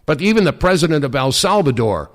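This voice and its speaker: A middle-aged man hosting talk radio, speaking emphatically and deliberately with frequent fillers. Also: a little high, very animated.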